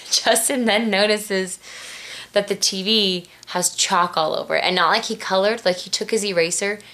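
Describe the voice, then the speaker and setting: A woman, a mother, telling a parenting story in a casual vlog, animated, with jumps up to act out voices and dips into a slow stern mom voice. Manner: animated, acts out quoted voices with big pitch jumps.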